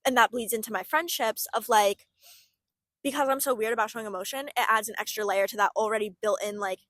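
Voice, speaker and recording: A woman's voice: on the high side, fairly even intonation, fast, a bit bright, no echo. A young woman co-hosting a casual chat, reflective and full of "like" fillers. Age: young adult. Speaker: podcast co-host.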